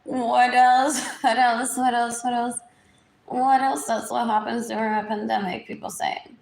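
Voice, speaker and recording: A woman's voice: on the high side, level tone, unhurried, vocal fry, a little mellow. Woman, drawling live-stream ramble, repeats herself, drops to whispers, phone mic, echoey room. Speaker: livestream host. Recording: echoey room, faint background noise.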